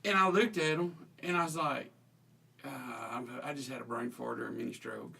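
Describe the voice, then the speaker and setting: A man's voice: medium pitch, animated, brisk, creaky, pushed and bright, husky. Folksy man, mic at a distance. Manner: folksy, self-deprecating storyteller. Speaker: teacher guest. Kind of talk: casual storytelling.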